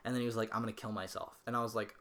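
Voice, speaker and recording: A young man co-hosting a podcast, telling a story in an animated way, swearing freely and laughing as he talks. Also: lowish voice, rapid-fire. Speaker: podcast co-host.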